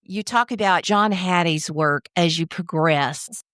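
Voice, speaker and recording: A woman's voice: fairly low pitch, a little slow, fairly bright tone, no echo, studio quality. A woman hosting a podcast, asking questions and signing off in an upbeat, encouraging way. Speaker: podcast host. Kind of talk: podcast interview and sign-off.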